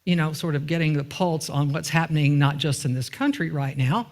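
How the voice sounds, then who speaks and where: In a church sanctuary, a woman minister with a low voice delivers a brisk, conversational sermon. She often poses rhetorical questions to the congregation and waits for answers, dropping in informal asides along the way.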